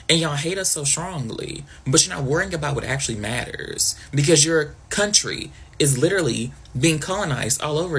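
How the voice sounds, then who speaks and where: A man with a slightly higher-than-average voice rants bluntly and with exasperation. His voice is gravelly with fry and has a husky edge, and he leans on casual slang. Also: a bit bright. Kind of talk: casual opinion rant to camera.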